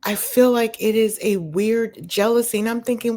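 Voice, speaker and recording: A home vlogger, with a dog close by, runs through a casual recap of a reality show, rambling and dropping plenty of "um"s and "you know"s alongside candid opinions. Her voice is fairly high with a darkish tone, at normal speed.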